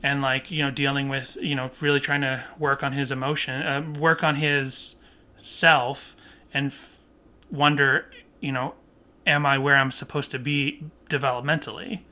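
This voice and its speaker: A man co-hosting a podcast, chatting casually about a song, animated and laughing often as his thoughts run on. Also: mid-range voice, normal speed. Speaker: podcast co-host. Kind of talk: casual chat about music.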